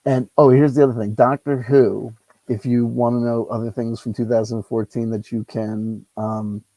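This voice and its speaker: A man's voice: mid-range voice, gravelly, dark tone, no room sound, low-quality recording. Rambling, ranty man on a lapel mic. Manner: rambling, ranty, swears freely. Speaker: solo tabletop game player and channel host. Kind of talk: casual solo game commentary.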